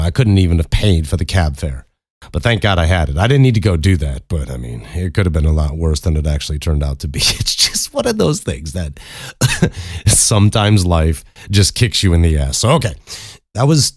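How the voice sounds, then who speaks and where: An American man with a deep, low voice talks alone on his podcast, rambling through a story, cursing freely and laughing along the way. The sound is dry and close, with no room around it. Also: very animated, normal speed, darkish tone, dry recording. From United States. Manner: profane, rambling, laughs often. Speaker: podcast host. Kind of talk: casual storytelling monologue.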